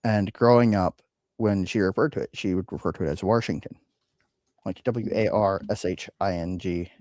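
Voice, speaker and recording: A man's voice: low-pitched, fairly even intonation, a little fast, a little mellow, dry recording. A man hosting a casual whiskey podcast, rambling with frequent ums and uhs. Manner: rambling, hesitant with many fillers. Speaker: podcast host. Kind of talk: casual chat.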